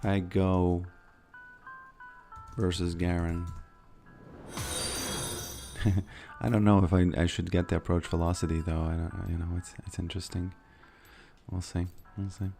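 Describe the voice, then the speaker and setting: A man's voice: deep voice, little pitch movement, a little slow, creaky, long pauses, dark tone, faint music behind. A man streaming a video game, chatting casually in a rambling way, often stammering and repeating his words. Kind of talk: casual gameplay commentary.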